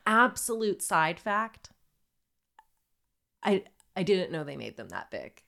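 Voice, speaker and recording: Woman, 30s, podcast co-host, low gravelly voice, candid storyteller, casual chat. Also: sing-song, takes it slowly. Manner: candid storytelling, acts out her own shouting.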